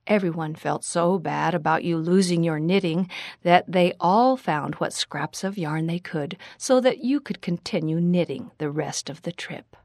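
A woman voicing a kind pioneer father who speaks gently and reassuringly. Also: on the low side, unhurried, dry recording, studio quality. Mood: gentle.

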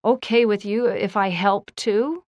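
A gruff, bossy teenage bully boy, as a woman reads him out who snaps his words bluntly and loudly. Storybook telling, recorded close and dry with no room sound. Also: mid-range voice, measured pace, no echo, muffled recording, close to an everyday voice. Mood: sheepish. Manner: snapping, loud and blunt. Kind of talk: storybook reading.

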